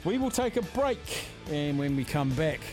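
A man from New Zealand hosting a sports radio show, calling scores and chatting with excitable energy. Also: fairly high pitch, moderate pace, music in the background.

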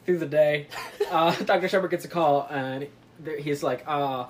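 A woman's voice: low-pitched, normal speed. A woman casually retelling a book plot to friends, rambling and giggling as she acts out the characters. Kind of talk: casual group chat. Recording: lively group laughing behind.

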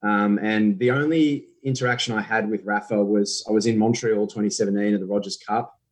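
A man's voice: on the low side, steady tone, brisk, low-quality recording. A young Australian man, a guest impressionist, chatting and telling stories on a podcast. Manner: chatty, storytelling, laughs easily. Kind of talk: casual podcast chat.

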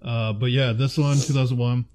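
A man's voice: medium pitch, fairly even intonation, normal speed, a little mellow. Chatty man rating movies with a friend. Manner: chatty, laughs often, searches for names aloud. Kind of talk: casual chat.

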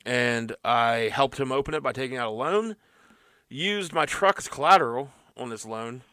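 Bright, smooth-voiced man telling stories. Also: mid-range voice, normal speed, no room sound, studio quality. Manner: rambling, laid-back storytelling with fillers. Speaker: podcast co-host. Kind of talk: casual chat.

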